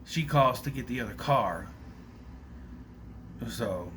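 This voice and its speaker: A man's voice: medium pitch, animated, slow, a bit bright, slight background noise. A man casually recapping a movie plot in a rambling, loose way, swearing freely as he goes.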